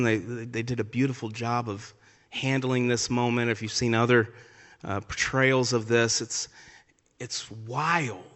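A male pastor preaching a sermon in a church sanctuary, his voice trailing off into a long hall reverb. He swings between loud, emphatic declarations and soft, hushed asides, with a middle-pitched voice.

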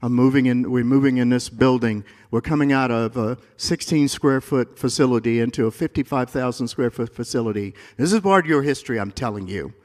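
A male pastor preaching a sermon in a church, moving between quiet, confiding asides and loud, rising climaxes. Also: mid-range voice, in a large hall.

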